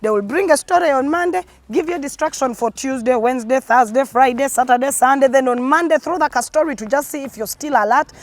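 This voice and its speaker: A woman's voice: high-pitched, fairly quick, few pauses, no echo. Indignant young Ugandan woman ranting. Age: young adult. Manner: indignant, sarcastic, emphatic. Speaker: vlogger. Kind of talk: opinion rant to camera.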